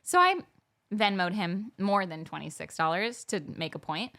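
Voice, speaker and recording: A young woman co-hosts a casual podcast chat and tells a dating story with lively energy. She slips into the voices of the people she quotes as she goes. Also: mid-range voice, moderate pace. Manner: animated, acts out quoted dialogue. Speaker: podcast co-host.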